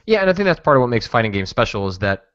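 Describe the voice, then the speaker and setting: A man's voice: medium pitch, big pitch swings, rapid-fire, fairly bright tone, no room sound, dull audio. Rambling male podcast host, dry sound. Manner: rambling, hesitant, lots of restarts. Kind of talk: casual chat.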